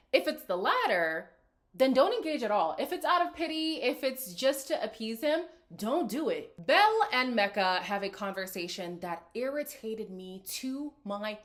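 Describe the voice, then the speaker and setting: A woman's voice: fairly high pitch, very animated, moderate pace. A woman hosting a reality TV recap, chatting casually and sassily with viewers and laughing often. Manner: sassy, laughing, talks straight to viewers. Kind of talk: casual reaction commentary.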